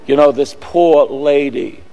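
A man tells a personal story as a radio priest, chatting and wandering as he searches for words. His voice has a gravelly edge. It rings with a long reverb. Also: fairly high pitch, takes it slowly, mellow, muffled recording. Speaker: Catholic priest, radio preacher. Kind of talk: storytelling testimony on a radio broadcast.

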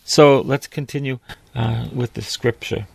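A man's voice: mid-range voice, steady tone, measured pace, vocal fry, breathy edge. A priest preaching a sermon, reading scripture aloud and breaking off to explain it, lifting his voice when he quotes God or a prophet.

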